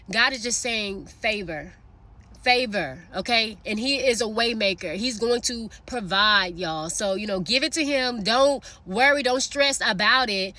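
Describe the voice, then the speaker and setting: A woman's voice: a little high, pushed and bright. A woman casually telling a personal faith story and encouraging her listeners, chatty, with many fillers, calling out to them directly. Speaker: faith vlogger sharing a prophetic word.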